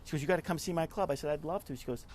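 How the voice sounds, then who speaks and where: A middle-aged man, a nonprofit club leader, giving a casual interview and telling stories in a lively way, often acting out what people said. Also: a little high, very fast, slight background noise. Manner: chatty, animated storyteller who acts out quotes.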